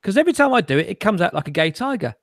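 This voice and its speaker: Lively joking man. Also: high voice, very fast, creaky, no echo, studio quality. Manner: joking, swears freely, laughs often. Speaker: co-host. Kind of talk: casual live-stream chat.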